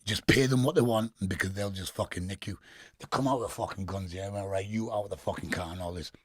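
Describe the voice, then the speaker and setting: Casting: husky, low-voiced Geordie man, middle-aged, crude street storyteller, dry close sound. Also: quick pace, no room sound. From England. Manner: swearing, laughing storyteller with street slang. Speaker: guest. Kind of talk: casual storytelling interview.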